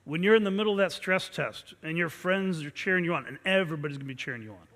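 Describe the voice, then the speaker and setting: A man's voice: on the high side, fast talker, a bit bright. A man, a martial arts instructor, giving an intense motivational pep talk to his students and leading them in call-and-response chants. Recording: long reverb from a large hall.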